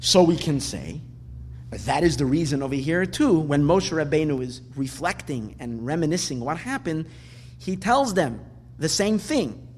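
A man teaches a Torah lesson with a lively voice that rises and falls widely. He repeats words for emphasis and asks rhetorical questions. The recording has a long hall reverb with faint background noise. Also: a little high, a little slow. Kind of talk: lecturing on weekly Torah portion.

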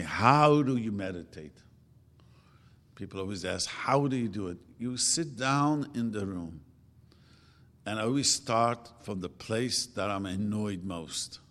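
An older man giving an informal religious talk, chatting casually and acting out quoted speech with sudden jumps in pitch. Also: a bit bright. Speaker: religious teacher. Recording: long hall reverb.

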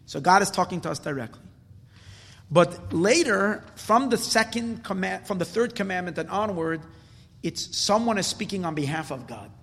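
A man's voice: high-pitched, animated, normal speed, a bit bright. A man giving a spoken Torah class, earnest and emphatic, often repeating words as he explains. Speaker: Torah teacher. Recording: long hall reverb.

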